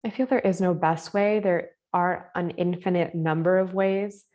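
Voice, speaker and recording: A woman teaching a spiritual class live over a video call, with a voice pitched a bit low. She speaks gently and casually and often leans on filler words. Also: steady tone, normal speed, muffled recording. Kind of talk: live online masterclass.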